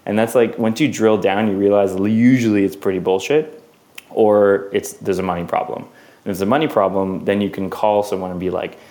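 A man's voice: lowish voice, steady tone, fairly quick, dark tone. A man in his twenties, a filmmaker, chatting loosely in an interview, rambling and swearing now and then. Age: 20s. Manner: rambling, swears, acts out quotes. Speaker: filmmaker guest. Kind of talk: casual interview talk.

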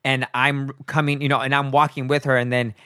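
A man's voice: medium pitch, brisk, smooth, dry recording, studio quality. A man who performs in drag, telling a story in a casual podcast chat and acting out the voices he quotes. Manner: lively, acts out quoted voices, casual swearing.

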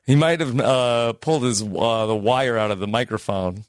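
A man co-hosting a casual podcast, teasing and laughing, with drawn-out filler pauses. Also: mid-range voice, no room sound, studio quality. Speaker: podcast co-host.

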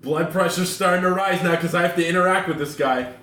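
A man's voice: high-pitched, fairly quick, bright, forceful tone. Exasperated man ranting in an echoey room. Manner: exasperated, profane storytelling with impressions. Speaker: podcast co-host. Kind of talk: casual chat, ranting anecdote. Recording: echoey room with faint noise.

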